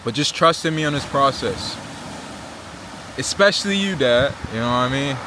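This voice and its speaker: A man's voice: medium pitch, lively intonation, moderate pace, noisy background. A young man from Virginia Beach with an American accent talks casually to the camera as a travel vlogger. He speaks earnestly and uses slang, often tagging his sentences with "right?" and "you know?". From Virginia Beach, Virginia, USA. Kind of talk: casual vlog talk to camera.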